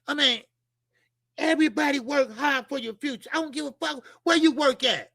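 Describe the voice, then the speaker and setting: Fired-up guy ranting on his boxing show, sharp bright voice, dry close sound. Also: very high voice, normal speed, creaky, no room sound. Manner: heated, profane, shouting at times. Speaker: boxing commentary show host. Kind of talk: casual ranting commentary.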